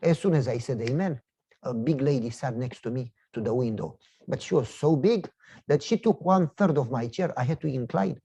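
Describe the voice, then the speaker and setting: A man preaching a sermon who tells a personal story in an animated way and acts out the dialogue. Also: mid-range voice, moderate pace, vocal fry, breathy edge, highs cut off.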